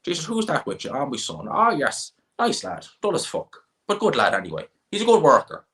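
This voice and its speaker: A high, sing-song old Midlands Irish farmer, as a man puts him on for a livestream bit, blunt and nosy, trading pub gossip. The voice sits well above the speaker's own low register, and the brogue is laid on thick. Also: huge pitch swings, fairly quick, fairly bright tone. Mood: gossipy. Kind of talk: comic impression on a livestream.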